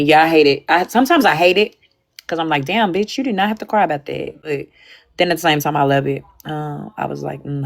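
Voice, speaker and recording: Low-voiced candid woman livestreaming. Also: gravelly. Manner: candid, repetitive, emphatic with frequent restarts. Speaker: livestream host. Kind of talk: casual livestream chat.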